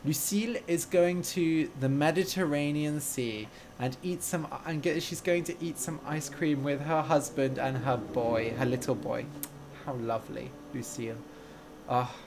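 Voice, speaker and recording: Slow-talking man reading viewer comments. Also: on the high side, fairly even intonation, background noise. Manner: slow, deliberate, friendly speech with fillers. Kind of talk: live stream chat.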